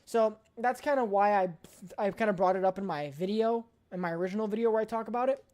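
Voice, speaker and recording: A woman's voice: medium pitch, fast talker, a little mellow. A woman streamer chatting casually on a live stream, emphatic and playfully blunt, often repeating her points.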